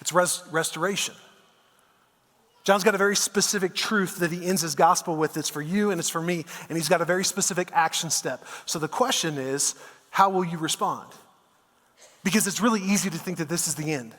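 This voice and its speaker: High-voiced male pastor in echoing hall. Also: brisk, fairly bright tone. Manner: conversational storytelling, casual asides like "man" and "dude". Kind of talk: sermon. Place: church auditorium.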